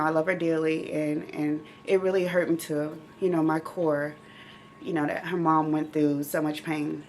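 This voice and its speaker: A woman's voice: deep voice, darkish tone, slight background noise. A middle-aged woman hosting her own channel, talking openly and emotionally to viewers in a casual, heartfelt way. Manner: emotional, speaks directly to viewers. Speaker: channel host living with myeloma. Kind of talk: heartfelt casual vlog talk.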